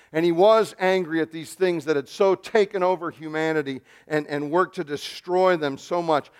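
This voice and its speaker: A man delivering a sermon with dramatic swings, dropping to hushed, almost whispered lines and then rising to loud, emphatic calls. His voice sits a little high for a man. He retells scripture with vivid, heartfelt emphasis. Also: clear, resonant tone. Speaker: pastor.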